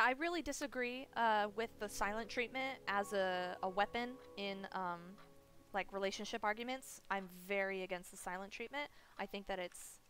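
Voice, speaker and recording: A woman's voice: mid-range voice, fairly bright tone. A woman streaming a game, chatting casually and rambling with lots of fillers and restarts as she shares strong opinions. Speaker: streamer playing a horror game. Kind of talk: casual gaming commentary.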